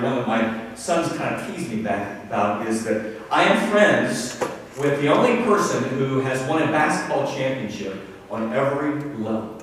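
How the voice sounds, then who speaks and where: A male pastor delivers a casual, storytelling sermon in a big church hall. His mid-pitched voice rings with long reverb, heard from a little way off the mic. He talks to the congregation in a friendly, joking way. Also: far from the mic, slight background noise. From Ohio. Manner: conversational and self-deprecating, with acted-out quotes. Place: church sanctuary.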